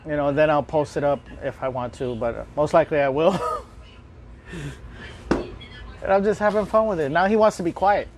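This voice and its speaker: Man, high voice, casual, laughing, swearing, deli worker, recorded at work. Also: moderate pace, pauses often, background noise. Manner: laid-back, laughs often, swears casually. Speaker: podcast host recording at his deli job.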